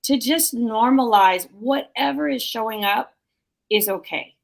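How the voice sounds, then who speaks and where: A woman's voice: on the high side, measured pace, creaky. A bereaved mother telling her story in a heartfelt, emotional way during a discussion. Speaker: bereaved mother sharing experience.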